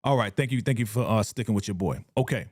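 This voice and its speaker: A man hosting a casual live reaction stream about a TV episode, talking in an animated, slangy way and laughing often. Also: fairly low pitch, fast talker, dry recording, clean studio sound. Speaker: TV show reaction livestream host.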